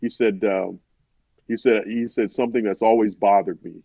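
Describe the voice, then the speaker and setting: A man's voice: on the low side, steady tone, moderate pace, creaky, warm tone, slightly rough, no echo. Male sportswriter guest, chatty storyteller, muffled dry recording. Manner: rambling, many restarts, quotes others in his own voice. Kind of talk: conversational storytelling. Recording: dull, dry podcast audio.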